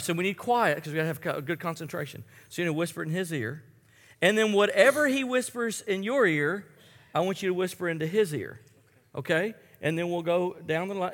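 A man leading a group game for an audience, talking in a playful, chatty way with halting restarts and frequent laughs. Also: high voice, fairly bright tone. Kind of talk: live talk to an audience. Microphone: handheld microphone. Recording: echoey hall with long reverb.

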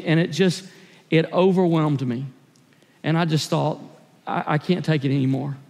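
High-voiced pastor in a reverberant church. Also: male voice, gravelly, darkish tone. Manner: earnest, confessional storytelling. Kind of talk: sermon. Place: church sanctuary.

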